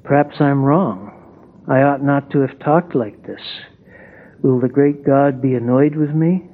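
A man's voice: medium pitch, unhurried. A man reading as a tender young shepherd boy. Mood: worried. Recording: tinny phone-like sound.

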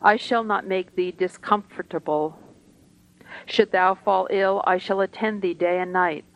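A simple young shepherd boy, read by a woman, earnest and pleading as he speaks in a devoted tone. The voice sits at a middle pitch, a little raised in level, in a plainly read storybook style. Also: fairly even intonation, measured pace, lo-fi sound, natural voice.

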